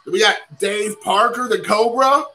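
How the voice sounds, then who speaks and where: A man's voice: sits high, a little slow, pushed and bright, soft background music, poor audio. A man hosting a casual card-opening stream, rambling and poking fun at himself while chatting with viewers. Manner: rambling, self-deprecating, chatty asides to viewers. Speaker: card collecting channel host.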